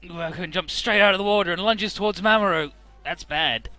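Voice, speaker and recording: A man's voice: high-pitched, fairly quick, pushed and bright, dry recording, soft background music. A man giving casual, profane commentary on a game, paraphrasing the characters in goofy voices. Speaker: let's play commentator.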